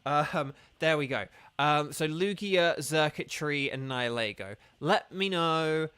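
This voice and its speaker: A man's voice: on the high side, measured pace, bright, forceful tone, clear, resonant tone, no echo. A man chatting casually with viewers during a live game stream, rambling and organizing who plays next.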